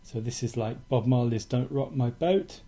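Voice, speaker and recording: A man calmly teaching acupuncture technique in a steady, methodical instructional demonstration. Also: medium pitch, normal speed, slightly rough. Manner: calm, steady, methodical explaining.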